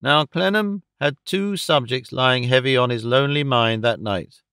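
A male audiobook narrator reading a classic novel in a steady, measured way. His voice is smooth and resonant, recorded close and completely dry, at a mid pitch for a man. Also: no room sound.

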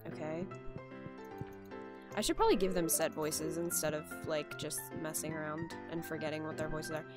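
A woman's voice: low voice, normal speed, music in the background. A woman casually narrating her gameplay, chatting and exclaiming at the characters on screen. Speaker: let's play gamer.

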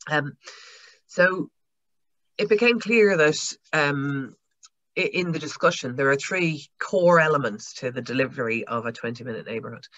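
A woman's voice: low-pitched, animated, moderate pace, a bit bright, no echo. A woman with an Irish accent giving a friendly, loosely paced presentation as a guest speaker on a video call. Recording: dull lo-fi video call audio.

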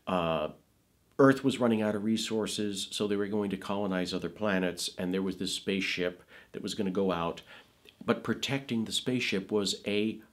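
Lowish-voiced middle-aged guy rambling through career stories, lots of uh and you know. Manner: rambling, many fillers and restarts. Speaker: film producer and voice actor, interview guest. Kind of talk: conversational interview storytelling.

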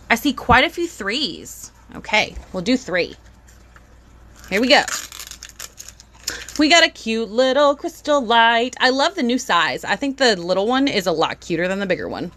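Young woman on a live stream, bright voice, chatty and excitable. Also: a little high, measured pace, pauses often, a little hiss or hum. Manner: bubbly, greets viewers, squeals with excitement.

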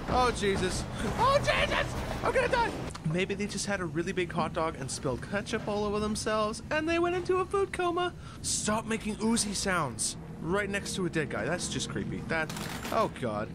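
A woman's voice: mid-range voice, wildly swooping pitch, normal speed. A woman playing a horror game, who shrieks, mutters nervously and cracks sarcastic jokes as she goes. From Canada. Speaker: let's play gamer. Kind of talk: horror game reaction commentary. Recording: loud background noise and game sound.

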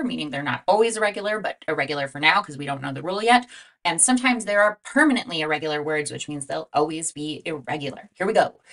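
A woman teaching a phonics lesson to young children, sounding out letters and words slowly and asking prompting questions in a sing-song way. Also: on the low side, fairly bright tone. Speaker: reading teacher.

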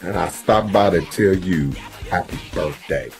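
A man's voice: low-pitched, measured pace, creaky, soft background music. A man giving a playful, preacherly birthday message, teasing with mock-stern scolding and emphatic repetition.

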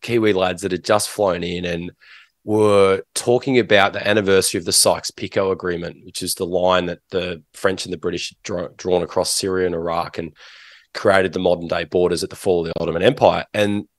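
A middle-aged Australian man with a fairly low voice is a guest on a podcast, talking casually in an interview. His delivery is flat and brisk as he rambles at length, looping back with restarts and fillers, and the recording is dry and close-miked.

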